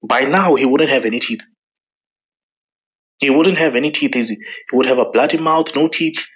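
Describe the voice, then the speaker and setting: A man's voice: mid-range voice, normal speed, muffled recording. A man giving an angry political monologue to camera, driving points home by repeating himself. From South Africa. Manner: forceful, repeats lines for emphasis. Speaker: political commentator.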